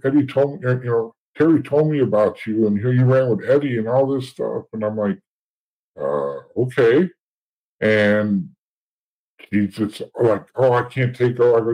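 Over poor audio, a lowish, darkish male voice belongs to an interview guest who was once a police officer and informant. His storytelling is blunt and full of profanity, and he voices what others said.

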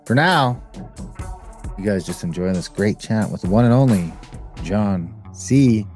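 A man's voice: lowish voice, lively intonation, unhurried, darkish tone, soft background music. A man co-hosting a podcast, chatting casually and plugging episodes in an upbeat way. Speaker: podcast co-host. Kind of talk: casual chat and show promo.

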